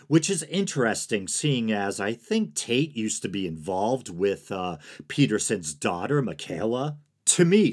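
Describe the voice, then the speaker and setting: On his solo podcast, a man speaks in a monotone, sedated manner, dropping dry, sarcastic asides and soft laughs. His voice is on the low side.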